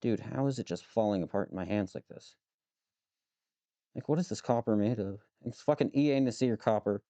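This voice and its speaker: Mellow-voiced man streaming, swearing while working. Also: on the low side, brisk, no echo. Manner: mutters to himself, swears freely, jokes with chat. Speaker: live streamer. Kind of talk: casual live-stream chat while working.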